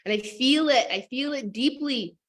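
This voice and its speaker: A woman talking casually as a motivational coach, animated and full of fillers like "like" and "oh my God". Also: sits high, normal speed. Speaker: business and manifestation coach.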